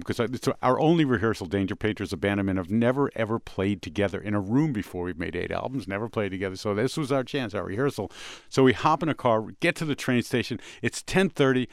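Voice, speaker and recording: A man hosting a radio show, telling an animated anecdote in casual chat with quick restarts. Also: lowish voice, no room sound, studio quality.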